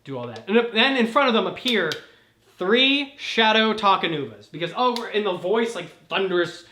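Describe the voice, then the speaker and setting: A man's voice: high-pitched, moderate pace, sharp tone, roomy sound, slight background noise. A man casually recapping a story, rambling with frequent swearing and laughter. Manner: rambling, profane, laughs often. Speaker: host.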